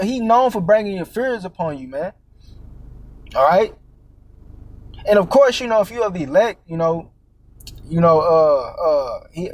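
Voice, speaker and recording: High-voiced man preaching in casual slang. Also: darkish tone, breathy edge. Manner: casual and profane, many fillers and "man", "all right?"; repeats words while searching, stammering restarts. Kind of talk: informal street-style sermon.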